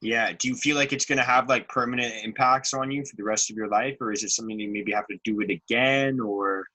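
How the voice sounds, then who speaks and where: Bright-voiced man asking questions. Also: mid-range voice, steady tone, quick pace, low-quality recording. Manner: curious, asks short follow-up questions. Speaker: interviewer. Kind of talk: casual interview chat.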